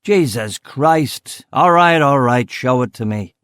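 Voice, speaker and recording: A man voicing a brash, boastful male car company boss who talks loudly and emphatically. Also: mid-range voice, no room sound, studio quality, close to an everyday voice. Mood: furious. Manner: loud, emphatic, quick to anger.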